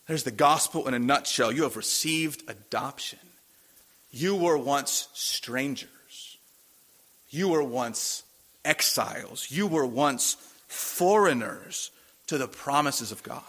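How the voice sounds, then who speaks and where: A man's voice: medium pitch, bright, forceful tone. A man, a pastor, preaching a sermon in a conversational way, asking the congregation questions.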